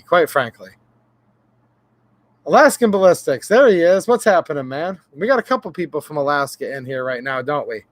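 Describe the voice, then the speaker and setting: A man's voice: on the high side, no echo. A man hosting a casual livestream, rambling and joking as he chats with viewers and reads out their names. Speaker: gun channel livestream host.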